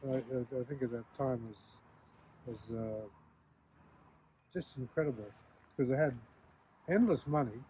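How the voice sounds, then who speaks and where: A man's voice: medium pitch, measured pace, pauses often, noisy background. An older man hosting a casual chat, reminiscing in a rambling way, restarting sentences and chuckling often. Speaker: host.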